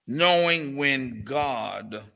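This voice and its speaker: Speaking very slowly with vocal fry, an older pastor uses a medium-pitched, expressive, bright and forceful voice. He delivers a folksy Bible study sermon, calling on those listening and affecting a cooing grandparent voice.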